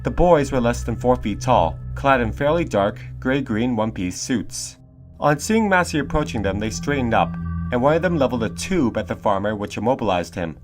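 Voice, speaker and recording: A male narrator reads a scripted documentary in a steady, measured voice. Music runs clearly underneath him throughout. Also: medium pitch.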